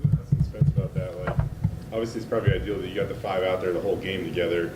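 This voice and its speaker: Deep-voiced male reporter, halting questions. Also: fairly even intonation. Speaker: sports reporter. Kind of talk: press conference questions. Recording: echoey room with background noise.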